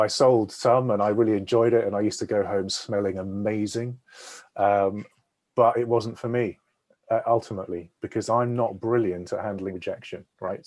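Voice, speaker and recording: A man's voice: fairly low pitch, darkish tone. A man speaking as a sales consultant on a webinar over a video call, explaining at length and checking in with his listeners as he goes. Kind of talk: webinar talk.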